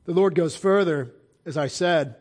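Emphatic man preaching a fiery sermon. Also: unhurried. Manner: emphatic, swings between loud declarations and quiet low asides.

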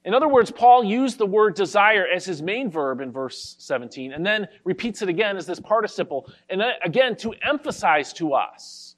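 High-voiced man preaching a Bible sermon. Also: sing-song. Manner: careful, explanatory teaching with scripture quotes read slowly. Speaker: pastor. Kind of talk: expository sermon.

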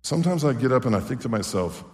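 This is a male preacher of middle pitch, delivering a sermon in a church sanctuary. He tells stories quietly, then surges into excited, exclamatory calls. Long hall reverb trails his voice. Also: quick pace. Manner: fervent, animated preaching that swings from hushed to exclamatory.

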